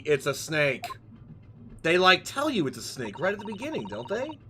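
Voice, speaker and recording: A man's voice: high-pitched, wildly swooping pitch, normal speed, bright, forceful tone, a little hiss or hum. Joking young man streaming a game. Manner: rambling, joking, playful. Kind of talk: casual let's-play commentary.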